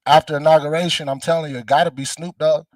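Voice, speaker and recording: A man's voice: a little high, little pitch movement, quick pace, no room sound, distant mic. A man, a comedian, riffing loosely and slangily, laughing through his jokes. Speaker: comedian guest. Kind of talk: casual comic riffing.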